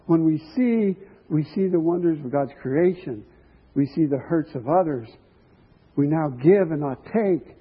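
Man, preacher, sermon, husky voice, somewhat high, earnest, tinny phone-like sound. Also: big-room sound. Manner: earnest, musing, with chuckles and restarts.

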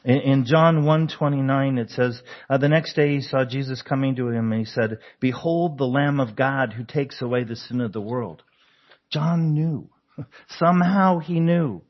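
A man's voice: mid-range voice, normal speed, highs cut off. A man preaching a conversational sermon, asking the congregation questions and chuckling often. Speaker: pastor.

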